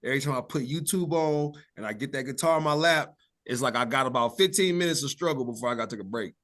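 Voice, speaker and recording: A young man hosting a podcast in casual chat, telling stories with animated, acted-out reactions. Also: medium pitch, fast talker. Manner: animated storytelling, acts out his own reactions. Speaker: podcast host.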